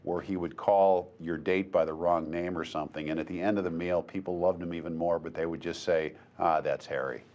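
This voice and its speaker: A man reminiscing in a measured way during an interview, recalling ideas he pitched. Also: fairly even intonation, muffled recording. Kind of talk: reflective interview. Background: guitar music.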